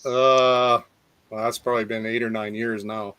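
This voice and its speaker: A man's voice: mid-range voice, flat delivery, moderate pace, bright, forceful tone, clear, resonant tone, no echo. A man hosting a casual chat, easygoing and enthusiastic as he recalls thrilling experiences. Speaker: show host.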